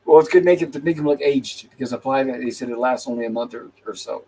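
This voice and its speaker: Guy hosting a live movie review stream, normal pitch, walks through the plot quoting lines. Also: fast talker, mellow, slightly rough, low-quality recording. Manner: retells the plot by reading out characters' lines; conversational, with restarts. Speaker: host.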